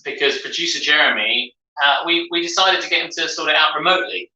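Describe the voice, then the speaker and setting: A man with a southern English accent chatting as a co-host, rambling and explaining at length. His voice is sharp and bright. He sits a way back from the mic, so the room rings around him. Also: a little high, fast talker. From southern England. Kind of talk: casual chat on a live stream. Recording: roomy sound from a distance off the mic.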